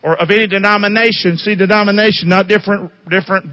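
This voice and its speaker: A high-voiced man preaching with a bright, forceful edge, leaning on call-and-response questions. His voice rings out in a hall with a long reverb tail. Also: steady tone, quick pace. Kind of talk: sermon.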